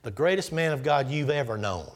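A man in his sixties preaching an emphatic sermon in numbered points, sometimes dropping to a hushed aside. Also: medium pitch, expressive, fairly quick. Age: 60s. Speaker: guest preacher.

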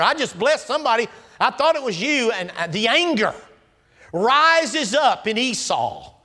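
A man preaches a sermon, alternating between loud, climbing exclamations and quiet, hushed asides. He performs scripture dialogue in a homespun, folksy manner.

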